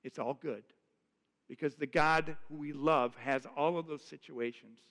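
A man's voice: on the high side, steady tone, unhurried, fairly bright tone. A man preaching a sermon as pastor, earnest and conversational, often repeating phrases. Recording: long hall reverb.

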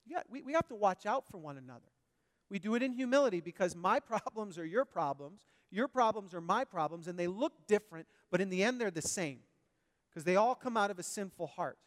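A male pastor preaching a sermon, animated, swinging between loud emphasis and quiet asides. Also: high-pitched, a little fast, big-room sound.

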